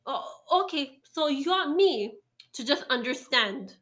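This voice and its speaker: Woman chatting away, slightly high voice, lots of likes and ums. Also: lively intonation, measured pace, fairly bright tone. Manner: rambling storytelling with many fillers and laughs. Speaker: storyteller guest. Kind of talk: casual chat.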